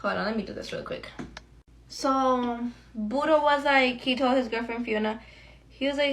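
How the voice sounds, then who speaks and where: A woman's voice: a little high, normal speed, fairly bright tone. Young woman gossiping to her followers while doing her makeup, slangy and casual. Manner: chatty, slangy, addresses viewers as friends. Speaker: beauty vlogger. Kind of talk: get-ready-with-me storytime chat.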